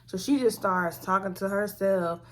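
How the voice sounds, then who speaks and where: A woman vlogger telling a family story in a slangy, animated, conversational way. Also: medium pitch, moderate pace. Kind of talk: storytime vlog.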